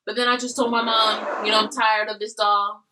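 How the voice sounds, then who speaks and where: A woman's voice: medium pitch, flat delivery, normal speed, distant mic, noisy background. A woman hosting a casual eating video, animatedly telling a story. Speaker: host.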